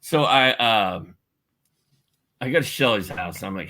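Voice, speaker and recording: A man's voice: lowish voice, expressive, a little slow, pauses often, sharp tone. A middle-aged man from Indiana, a podcast guest animatedly telling a personal story and acting out the voices he quotes. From Indiana, USA. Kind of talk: storytelling in a casual podcast chat.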